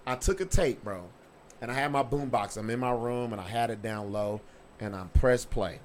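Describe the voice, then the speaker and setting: A man's voice: mid-range voice, normal speed, slight background noise. A man hosting a podcast, telling stories in casual chat with a swaggering, profane delivery. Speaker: podcast host.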